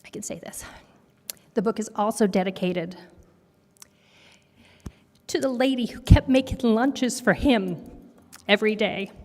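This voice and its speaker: Slow, expressive woman reading a story. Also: on the high side. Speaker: children's story reader at a worship service. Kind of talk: reading a picture book aloud. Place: congregation sanctuary. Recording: long hall reverb.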